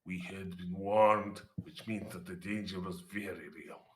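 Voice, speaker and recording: A man's voice: high voice, sing-song, moderate pace, noisy background. A man from Poland voicing a proud male space center director in a fan voice-acting read of a game script, using a put-on Russian accent and a grandiose delivery. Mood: solemn. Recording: roomy echo with music behind.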